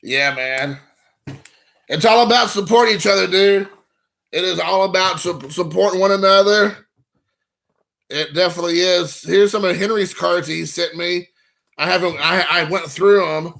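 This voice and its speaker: Man, casual live stream host, excitable, rambling, high voice, bright. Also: normal speed, vocal fry. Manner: excitable, rambling, talks to viewers by name. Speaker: card collecting channel host.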